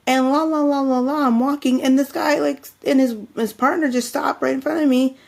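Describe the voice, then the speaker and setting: A young woman co-hosting a podcast, chatting casually and acting out what people said in a higher voice. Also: fairly quick, vocal fry. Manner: animated storytelling, acts out quotes in a higher voice. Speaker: podcast co-host. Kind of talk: casual chat.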